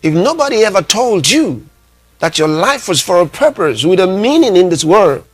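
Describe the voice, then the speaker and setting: A man preaching a sermon, emphatic, repeating his phrases and reading scripture slowly. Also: high voice, big pitch swings, faint music behind. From Nigeria. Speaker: pastor.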